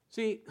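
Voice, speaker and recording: A preacher delivering a sermon in an emphatic manner, swelling to loud exclamations of praise.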